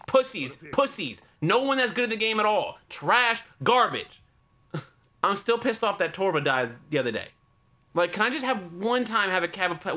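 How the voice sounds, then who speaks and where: A man's voice: high-pitched, bright, forceful tone. A young man giving casual, profane commentary while spectating a shooter game, trash-talking and barking repeated warnings at the player. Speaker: gaming YouTuber.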